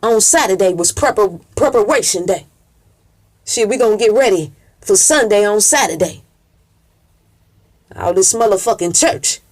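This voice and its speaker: A woman's voice: mid-range voice, lively intonation, moderate pace, long pauses, darkish tone. A woman telling a story in an emphatic, preacher-like cadence, full of cursing and call-and-response. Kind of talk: profane preacher-style storytelling.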